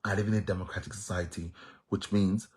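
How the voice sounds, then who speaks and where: Deep, steady, and darkish in tone with a breathy edge, this social media commentator speaks briskly. Talking straight to his audience in a Jamaican accent, he delivers a casual, emphatic monologue, repeating himself and standing firm on his views.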